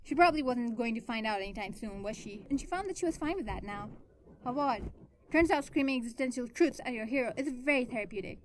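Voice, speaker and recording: A woman reading her own fan fiction aloud, in an expressive way that swings between soft and loud. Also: fairly high pitch, fast talker, slight background noise. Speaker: fan fiction writer and narrator.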